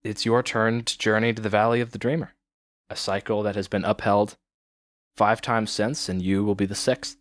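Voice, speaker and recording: A man voicing a calm, serious village woman. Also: on the low side, normal speed, no room sound, lightly acted. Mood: grave.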